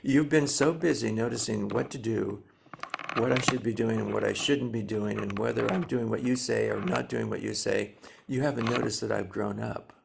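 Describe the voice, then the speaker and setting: A man in his seventies, a Zen teacher giving a dharma talk, speaking slowly and gently with many pauses and fillers. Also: fairly low pitch, steady tone, creaky. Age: 70s.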